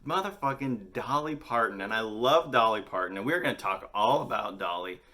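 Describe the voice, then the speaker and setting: A man's voice: fairly low pitch, animated, moderate pace, sharp tone. A young man hosting a daily music vlog, chatting casually with constant swearing and jokey rants, his voice a bit worn from singing. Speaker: host of a daily music video series. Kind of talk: casual, profane vlog chat.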